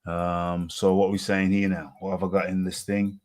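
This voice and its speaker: A man's voice: low-pitched, little pitch movement, normal speed, a little mellow. A British man hosting a live boxing talk stream, rambling and repeating his phrases with plenty of fillers. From United Kingdom. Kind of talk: casual live-stream chat.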